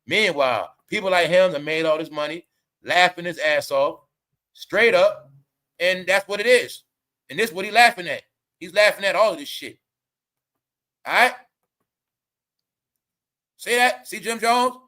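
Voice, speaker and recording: A man rants through his online commentary show, high-pitched and bright. He mocks and scolds his audience in heavy slang, swearing as he goes. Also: animated, measured pace, pauses often. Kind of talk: ranting commentary vlog.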